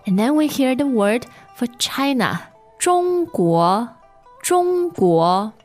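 A woman teaching a language lesson on a podcast, modelling each word slowly and repeating it. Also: on the high side, big pitch swings, faint music behind.

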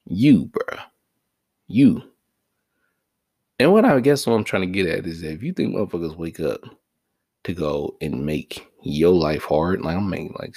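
Animated low-voiced man ranting. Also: a little slow, vocal fry, pauses often, dry recording, clean studio sound. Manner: profane, animated, jumps between loud high outbursts and low mutters. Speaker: vlog host. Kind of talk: casual ranting monologue.

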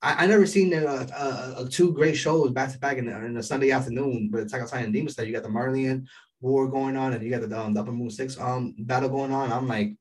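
Excitable rambling man, mic a bit distant. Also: mid-range voice, fast. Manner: excitable, rambling, heavy on fillers. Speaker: anime episode reviewer. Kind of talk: casual episode recap.

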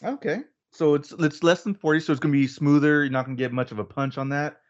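A man's voice: a little high, fast talker. Joking male podcast host, lo-fi. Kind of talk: casual chat.

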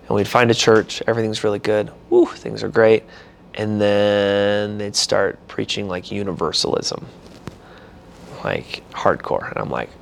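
A young pastor tells his story in a relaxed interview, his voice edged with a gravelly fry. He talks in an animated, slangy way and acts out his own past reactions as he goes. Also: lowish voice, a little slow, slight background noise. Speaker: pastor and church founder.

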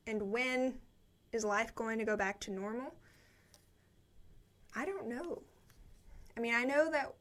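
A young woman chats and rambles in a cheerful, upbeat way. Her voice sits a bit high, and she sounds a little out of breath as she reads comments from a studio cubicle. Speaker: live stream show host. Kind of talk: casual chat reading viewer comments.

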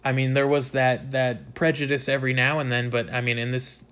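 A young man from the United States, hosting his own show and telling a personal story in a candid, animated way, swearing freely. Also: mid-range voice, brisk, clean tone. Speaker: podcast host. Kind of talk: casual storytelling monologue.

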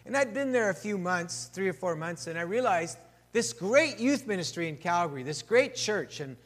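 A man preaching a sermon as pastor, talking conversationally with the congregation, asking them questions and dropping to a hush for personal admissions. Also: sits high, lively intonation, moderate pace. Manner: drops to a hushed voice for personal admissions. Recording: long hall reverb.

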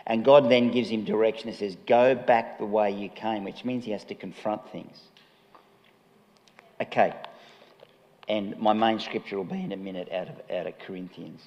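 Jokey pastor in a big hall. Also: male voice, fairly low pitch, moderate pace, a little mellow, lo-fi sound. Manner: jokey, chatty, laughs often. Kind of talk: conversational sermon. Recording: long reverb of a large hall.

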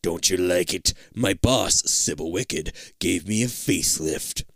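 Man playing a monster driver, sinister, smug drawl, low voice, dry sound. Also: a little slow, gravelly, dry recording.

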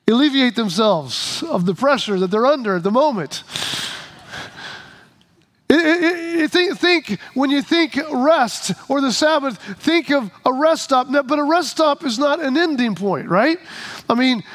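A man's voice: very high voice, fairly bright tone. A man preaching a sermon as a pastor, in a conversational, humorous storytelling way.

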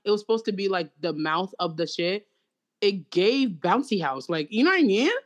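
A woman's voice: medium pitch, animated, moderate pace. A young woman, chatting casually and ranting with mocking, profane humor and quoted asides. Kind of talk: casual chat.

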